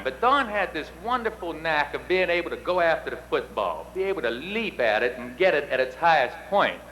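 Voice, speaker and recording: Middle-aged man, somewhat high voice, folksy ceremony speech with faint hum behind. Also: big pitch swings, brisk, few pauses, sharp tone, low-quality recording. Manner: folksy, anecdotal, self-deprecating. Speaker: induction ceremony presenter. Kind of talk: speech with storytelling.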